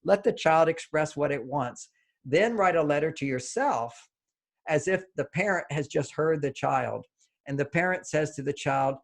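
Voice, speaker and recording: A man's voice: fairly high pitch, lively intonation, moderate pace, vocal fry. A man who is a relationship author, a guest on an interview podcast, explaining ideas and acting out the inner voices of children and parents.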